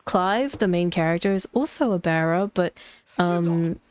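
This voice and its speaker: A woman's voice: on the low side, moderate pace, a little mellow, clean tone. A woman streamer giving casual commentary while playing, chatty and explaining things with lots of fillers.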